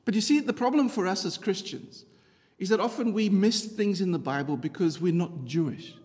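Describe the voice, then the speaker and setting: A middle-aged man preaching a conversational sermon, telling the story with rhetorical questions and a chatty, animated manner. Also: high voice, moderate pace. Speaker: pastor. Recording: long hall reverb.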